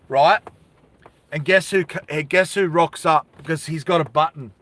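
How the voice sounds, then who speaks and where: A man telling a story in a casual vlog, animated, with asides to his viewers. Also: a little high, moderate pace, no echo.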